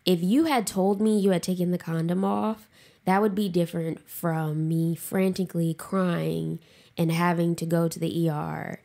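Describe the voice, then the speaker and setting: A woman's voice: on the low side, fairly even intonation, normal speed, gravelly, mellow. A woman co-hosting a podcast, frankly telling a personal story with emotion, swearing freely and saying "like" a lot. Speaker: podcast co-host.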